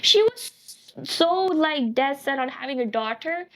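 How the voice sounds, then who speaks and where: A woman's voice: sits high, expressive, measured pace. A woman, a podcast guest, telling a personal family story earnestly, often restarting and correcting herself mid-sentence.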